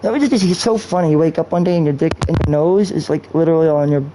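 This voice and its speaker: A man's voice: on the high side, fast talker, warm tone, slight background noise, poor audio. Rambling, profane male streamer. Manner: rambling, profane, off-topic musing. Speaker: gaming streamer. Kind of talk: rambling live-stream chat. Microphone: cheap streaming mic.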